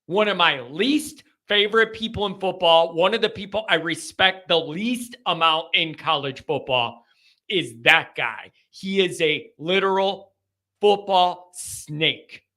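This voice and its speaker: A man hosts a live call-in sports show in a high, forceful voice. He talks bluntly and rants with heat. His tone is sharp and direct. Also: unhurried. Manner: blunt, heated ranting. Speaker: show host.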